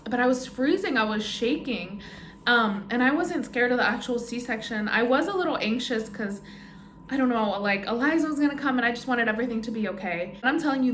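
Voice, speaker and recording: Her voice is a little high and a bit bright as this young woman vlogger rambles through her birth story, leaning heavily on "um" and "like." The room echoes noticeably, and there's slight background noise.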